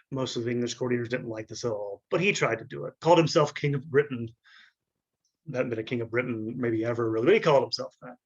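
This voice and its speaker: Male lecturer, mid-pitched, halting delivery with restarts, throat clearing, dull lo-fi sound. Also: a bit bright. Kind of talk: unscripted history lecture.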